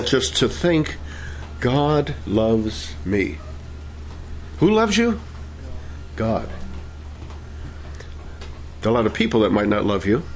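A man leading worship and preaching a sermon, fervent in praise and gentle when he teaches. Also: mid-range voice, slight background noise. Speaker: pastor.

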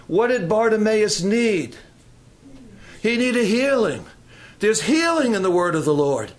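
A man with a high voice preaches a sermon to a church congregation. He talks in repeated phrases and puts questions to the people in front of him. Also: very animated, normal speed. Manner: repetitive, call-and-response preaching with audience questions. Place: church service.

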